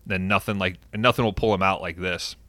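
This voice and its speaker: A man voicing a scarred, ruthless male gang boss, impatient, in a flat and quick retelling. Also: sits low, dry recording.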